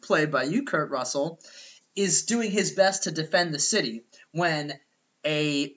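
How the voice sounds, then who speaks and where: Rambling young man pitching a movie. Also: lo-fi sound. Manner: rambling, animated, acts out characters in quoted voices. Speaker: podcast co-host. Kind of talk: casual comedic movie pitch.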